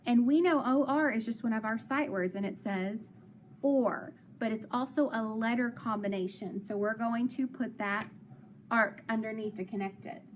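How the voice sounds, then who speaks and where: A woman's voice: a little high, slight background noise. A woman teacher giving a phonics lesson to young learners, sounding out letters and praising often. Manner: patient, sounds out letters slowly, frequent praise.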